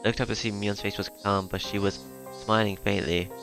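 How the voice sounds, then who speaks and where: A man with a low, level voice reads a story aloud in the first person. He stumbles and restarts now and then. Soft music runs faintly underneath. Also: flat delivery. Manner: halting, with fillers and restarts. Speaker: narrator reading a visual novel.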